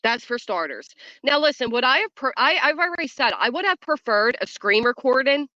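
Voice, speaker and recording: A woman's voice: high-pitched, sing-song, brisk, pushed and bright, no echo, muffled recording. A woman hosting a casual livestream from home, chatting with her viewers and reacting to the chat in a blunt, foul-mouthed way, laughing often. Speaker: livestream host. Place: at home, early morning.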